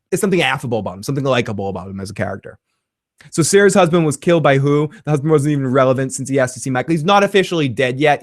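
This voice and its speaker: A man's voice: mid-range voice, no room sound, studio quality. A man hosting a casual livestream TV recap, talking in a profane, rambling way and laughing often. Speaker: TV recap host.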